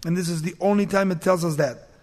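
A male pastor preaching a sermon, reading scripture aloud with rising force and dropping to quiet, conversational asides. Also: fast. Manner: reads scripture louder and higher, drops soft for asides. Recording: long hall reverb.

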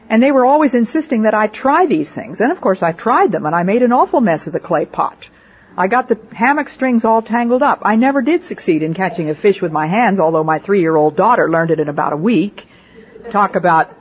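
A woman's voice: medium pitch, slightly rough, highs cut off. An older woman, a missionary, giving a personal testimony sermon and telling stories with rhetorical questions to her listeners. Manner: storytelling with rhetorical questions to the audience. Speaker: missionary speaker.

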